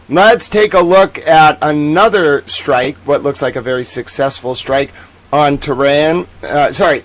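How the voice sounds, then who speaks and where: A man hosting a livestream news commentary, theatrical and sarcastic, swinging between booming declarations and low mutters. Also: moderate pace. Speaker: host. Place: home studio in Boston.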